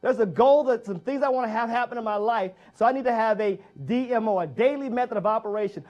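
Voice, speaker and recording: A man's voice: extremely high pitch, quick pace, few pauses, a little mellow, lo-fi sound. A man giving a motivational speech, who drives points home by repeating key phrases and asking the audience direct questions. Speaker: motivational speaker.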